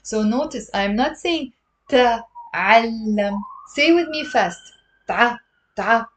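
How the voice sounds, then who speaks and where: A woman's voice: fairly high pitch, expressive, takes it slowly, slight background noise. A woman giving a live-streamed language lesson to a webcam, explaining step by step, drilling pronunciation and answering viewer questions. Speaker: online Arabic teacher.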